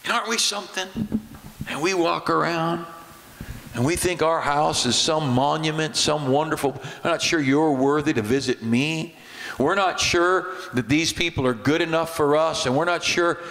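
A middle-aged man, a pastor, preaching a sermon in a church, shifting between loud exclamations and quiet asides. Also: fairly high pitch, moderate pace. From United States. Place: church sanctuary. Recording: church hall reverb.

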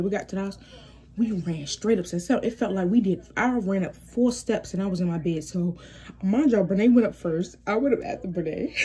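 A young woman tells a storytime in a casual, animated way, jumping into voices for quotes and laughing along. Her tone is mellow and a little husky. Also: medium pitch.

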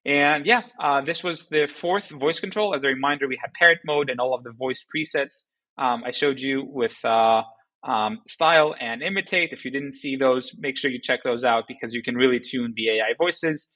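A man presenting a software tutorial in a loose, conversational way, with many fillers and tag questions. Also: mid-range voice, moderate pace, poor audio. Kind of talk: casual screen-recorded tutorial.

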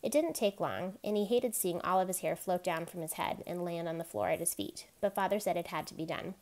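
A woman reads a novel aloud in a voice pitched a little low. She keeps a gentle, even storytelling manner and gives each character a light touch of their own voice. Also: fairly quick. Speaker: reader.

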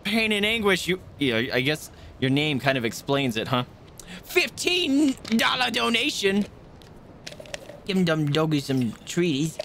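His voice sits high with vocal fry, and he speaks at a measured pace over a faint hiss or hum. He's streaming a video game, chatting casually with viewers, and he yelps and swears excitedly as he plays.

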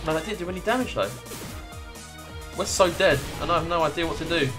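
A man giving casual Let's Play commentary, excitable, swearing and laughing as he plays. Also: on the high side, quick pace, music in the background.

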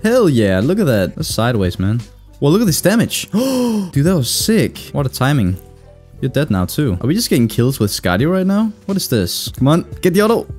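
Excitable young man cursing through gameplay. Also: medium pitch, a little fast, soft background music. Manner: excitable, swearing, reacts loudly to the game. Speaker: gaming YouTuber. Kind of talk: live gameplay commentary.

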